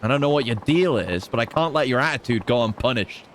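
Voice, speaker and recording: A stoic, principled male hero from a video game who speaks calmly and firmly, as a man reads his lines. The pitch stays lively throughout. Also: fast, slight background noise, lightly acted.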